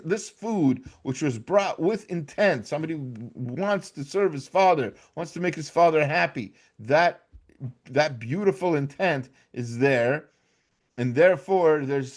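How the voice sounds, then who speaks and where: An American man giving an informal Torah class, talking conversationally with frequent restarts and "right?" checks. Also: fairly high pitch. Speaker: class teacher.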